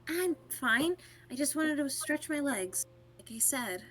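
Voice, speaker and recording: A woman voicing a reserved young female student, giving soft, brief, guarded replies. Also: high voice, animated, measured pace, faint music behind.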